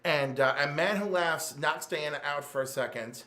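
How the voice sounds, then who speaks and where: A man hosting a casual podcast, excitedly recapping a comic storyline with lots of filler words. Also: fairly high pitch, normal speed. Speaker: podcast host reviewing comics. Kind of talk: casual chat. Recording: roomy echo.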